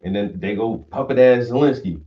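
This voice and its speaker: A man's voice: lowish voice, brisk. A man ranting casually and profanely, acting out quoted voices as he goes. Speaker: stream host. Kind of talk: casual rant. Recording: dull audio, mic at a distance.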